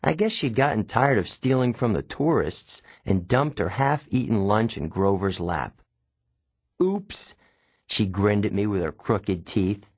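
Husky-voiced man reading a novel aloud. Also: on the low side, normal speed, no room sound. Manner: expressive, wry storytelling. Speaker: audiobook narrator. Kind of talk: first-person novel narration.

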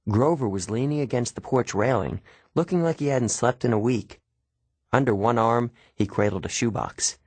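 A man narrating a first-person story in a steady, measured reading. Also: mid-range voice, slightly rough, dry recording. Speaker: audiobook narrator.

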